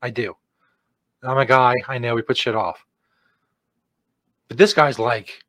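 A man hosting a comedy show, mocking a commercial with crude jokes and loud put-on outbursts. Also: mid-range voice, a little slow, long pauses, no room sound. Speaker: comedy host reacting to an ad.

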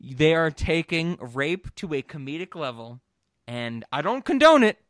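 A man hosting a podcast in casual chat, rambling and animated with lots of fillers and free swearing. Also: fairly high pitch, measured pace, dry recording, clean studio sound. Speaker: podcast host.

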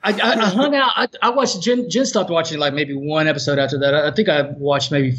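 Southern guy from north carolina, kinda high voice, lots of stammery restarts, dull lo-fi audio. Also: fairly quick, a bit bright, slight background noise. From North Carolina, USA. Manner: rambling, stammering restarts, self-deprecating. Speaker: guest, film producer. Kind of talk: casual podcast interview. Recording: dull lo-fi sound.

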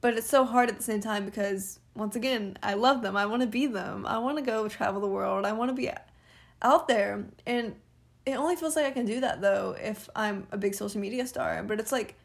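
A woman's voice: medium pitch, brisk, creaky. A young woman of about twenty, venting casually on her own podcast, rambling with lots of fillers and laughing now and then. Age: young adult. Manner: rambling, filler-heavy, candid, frequent laughs. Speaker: podcast host.

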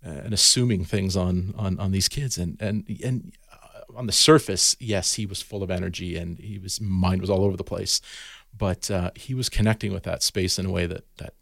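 A man's voice: sits low, moderate pace, gravelly, fairly bright tone, dry recording, clean studio sound. A man, a garden educator, talking casually as a podcast guest and telling stories with lots of restarts and fillers. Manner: storytelling, many restarts and fillers.

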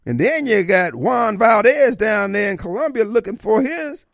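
A man's voice: high-pitched, very animated, moderate pace, creaky, a bit bright, no room sound. A man hosting a talk radio show from a studio, folksy and theatrical in his opinionated monologue. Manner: theatrical, folksy, slips into voices and asides.

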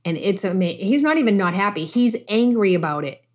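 A woman's voice: medium pitch, animated, brisk. A woman preaching a sermon in an emphatic, conversational way, repeating phrases for stress and dropping casual asides between scripture readings.

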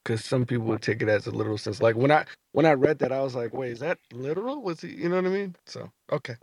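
A man hosts a talk show and speaks to the audience in an upbeat way. His voice is gravelly and husky, and the sound is dry, with a middling pitch. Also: fast talker, darkish tone, dry recording. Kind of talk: casual talk show hosting.

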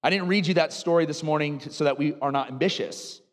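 A man in his thirties, a pastor from the United States, preaching a sermon and telling animated personal stories that make him laugh. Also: a little high, fast talker, in a large hall. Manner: storytelling, animated, laughs at own anecdotes.

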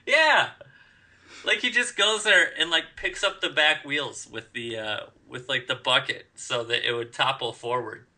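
A man co-hosting a casual podcast, telling stories excitedly with swearing and laughter. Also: medium pitch, unhurried. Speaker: podcast co-host. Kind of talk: casual chat.

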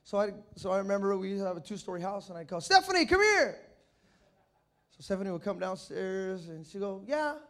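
A man preaching a sermon, telling childhood stories and acting out the voices with shouts. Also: high voice, level tone, quick pace, hardly any pauses. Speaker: pastor. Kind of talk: sermon with storytelling. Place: church.

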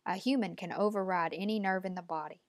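A woman's voice: medium pitch, fast talker, dry recording, natural voice. A woman reading an audiobook, voicing a stern, cold, commanding old woman who speaks in clipped, imperious lines. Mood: appraising.

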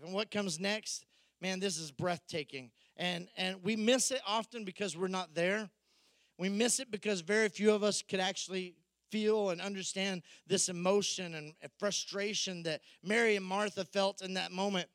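Animated high-voiced preacher man. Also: moderate pace, no room sound. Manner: animated, acts out Bible figures in quoted voices. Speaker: pastor. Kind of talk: sermon.

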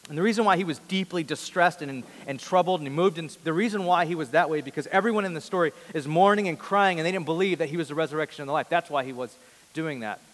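A man in his thirties preaching a sermon before a large congregation, earnest, moving between loud emphasis and soft, hushed lines. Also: on the high side, quick pace. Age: 30s. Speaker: pastor. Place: large church hall before a big congregation. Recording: long reverb of a large hall.

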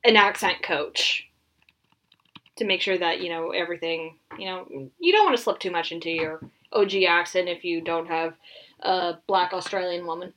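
This podcast co-host has a fairly low, rather bright voice and keeps a moderate pace. Her talk is a casual, animated chat full of frequent laughter and thoughts left unfinished.

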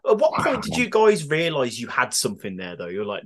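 A man hosts a casual podcast interview, asking enthusiastic questions. His pitch moves up and down in a lively way. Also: brisk, hardly any pauses. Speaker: podcast host.

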